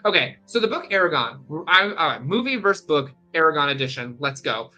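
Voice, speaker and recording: Young adult streamer, casual rambling chat, bright tone, faint game music behind. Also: mid-range voice, fairly quick, low-quality recording. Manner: rambling, animated ranting. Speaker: gaming streamer.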